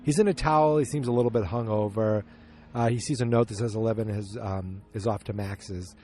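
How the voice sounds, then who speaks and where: A man hosting a podcast, recapping an episode in casual chat from his backyard, acting out the characters' lines in quick changing voices. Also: on the low side, steady tone, mellow, a little hiss or hum. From Massachusetts. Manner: chatty, acts out character lines with quick voice shifts. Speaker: podcast host. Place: outdoors in a backyard.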